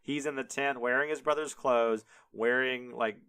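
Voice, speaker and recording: Brief: young male podcast host, loose comic retelling, smooth voice, dry close mic. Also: mid-range voice, fairly even intonation, moderate pace, sharp tone, no room sound. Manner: rambling, full of "like", laughs often.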